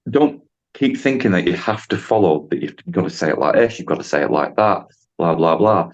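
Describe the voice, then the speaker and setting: A man's voice: low voice, animated, a little fast, dull audio. A man, a driving instructor, telling a story in a chatty, rambling way on a podcast and acting out the dialogue.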